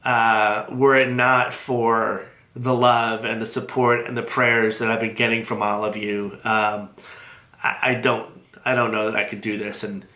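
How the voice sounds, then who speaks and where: A man recording a casual personal video diary, halting and heartfelt, with many fillers and restarts. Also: lowish voice, bright, forceful tone, reverberant. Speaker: vlogger sharing his cancer treatment. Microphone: built-in device mic after lapel mic failed.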